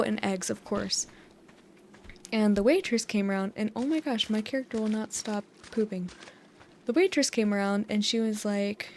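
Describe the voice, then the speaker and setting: A young American woman talks softly and chattily over cozy gameplay, wandering from story to story and laughing along the way. Her voice sits at an everyday middle pitch, with a faint hum of ambience behind it. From United States. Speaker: gaming channel host. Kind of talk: soft-spoken rambling over relaxing gameplay.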